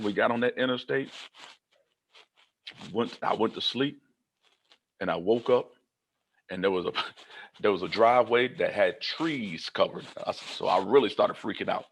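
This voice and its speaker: Gravelly man telling comic life stories. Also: lowish voice. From Kentucky, United States. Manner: animated, comic, acts out dialogue. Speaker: motivational keynote speaker. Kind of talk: humorous storytelling keynote.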